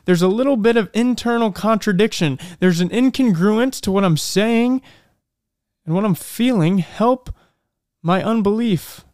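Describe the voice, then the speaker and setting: Man, podcast host, earnest reflective talk, high-pitched voice, dry close sound. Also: a little mellow, clean tone, no echo. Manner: earnest, reflective, slows for emphasis. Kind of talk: faith-based motivational talk.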